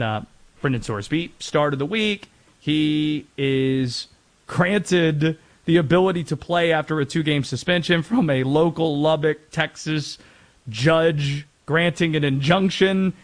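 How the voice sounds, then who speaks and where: A man from North Carolina hosting a sports talk show, chatting and rambling with self-deprecating asides. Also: fairly high pitch. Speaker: sports radio host.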